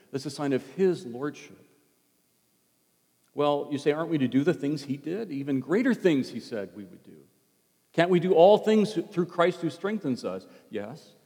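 A man preaching a sermon in an easy, conversational way, dropping low and soft whenever he quotes. His voice sits at a middle pitch. Long reverb trails each phrase, as in a large hall. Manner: conversational preaching, drops to a hush for quoted words. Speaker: pastor.

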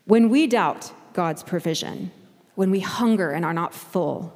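A woman's voice: on the low side, expressive, a little slow, a little mellow, long reverb tail. A woman pastor delivering a sermon in a conversational way, acting out the voices she quotes.

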